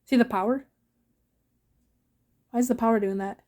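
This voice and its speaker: A woman's voice: a little high, steady tone, moderate pace, darkish tone. A scared woman vlogging from a home basement during a storm, anxiously asking the same questions over and over. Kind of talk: live vlog during a storm.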